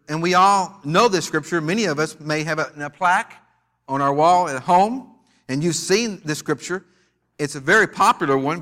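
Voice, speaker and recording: A man from the United States preaching in a church, with a high, bright and forceful voice. He leads the congregation in call-and-response and teases its members in a playful way. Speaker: pastor. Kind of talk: sermon.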